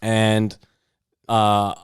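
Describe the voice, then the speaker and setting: Low-voiced man telling a rambling story. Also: drawn-out words, smooth, dry recording, clean studio sound. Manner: animated, profane, long-winded anecdotes. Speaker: podcast co-host. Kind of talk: casual storytelling chat. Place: podcast recording setup.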